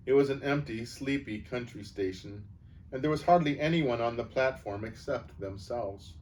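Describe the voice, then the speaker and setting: A man calmly reading a children's novel aloud as storyteller. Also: mid-range voice, moderate pace. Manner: calm, even storybook reading. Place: church setting. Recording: distant mic, faint background noise.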